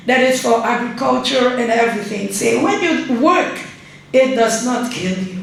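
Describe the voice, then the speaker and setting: A middle-aged woman from Suriname, giving an unhurried, conversational guest lecture as an ambassador and often checking in with her audience. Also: on the high side, expressive, creaky. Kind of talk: public lecture. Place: large university lecture hall. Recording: very echoey hall, faint room ambience.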